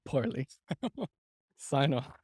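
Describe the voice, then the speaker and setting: A man's voice: mid-range voice, very animated, darkish tone, breathy edge, dry recording, studio quality. A man who is a guest on a podcast, chatting in a playful, easygoing way over a video call. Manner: playful, easygoing, quick to laugh. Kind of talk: casual chat.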